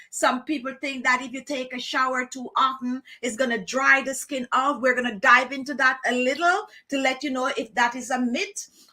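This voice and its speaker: A woman's voice: high voice, pushed and bright. A woman hosting a casual chat show for her viewers, talking directly to them in a chatty way and often repeating herself. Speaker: beauty channel host.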